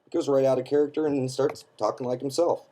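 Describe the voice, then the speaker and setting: A man's voice: medium pitch, fairly even intonation, quick pace, dark tone. A man giving an emphatic, scornful opinion rant to camera, often checking in with his listeners by asking "okay?". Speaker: online commentator.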